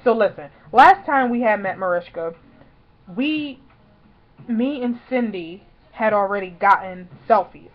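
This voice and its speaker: A woman in her twenties telling a story in a casual vlog, chatty, filling her talk with "like" and loudly acting out what she once said. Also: on the high side, lo-fi sound. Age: 20s. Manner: chatty, fills talk with "like", acts out her own past lines loudly. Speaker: vlogger.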